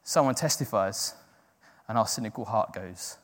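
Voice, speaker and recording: A man's voice: fairly low pitch, moderate pace, breathy edge. A man preaching a sermon in an earnest, self-deprecating way, acting out the doubting voices in his head. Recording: long hall reverb.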